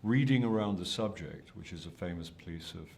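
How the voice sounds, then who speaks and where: Low-voiced older actor, self-deprecating. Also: male voice, animated, moderate pace, creaky, a little mellow. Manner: hesitant, self-deprecating, many restarts. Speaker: actor being interviewed. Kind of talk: press junket interview.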